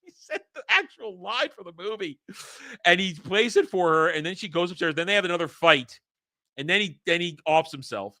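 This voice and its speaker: Man, host, casual rant, very bright edgy tone, fairly high voice, exasperated. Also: brisk. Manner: animated, exasperated, acts out scenes. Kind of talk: casual movie rant vlog.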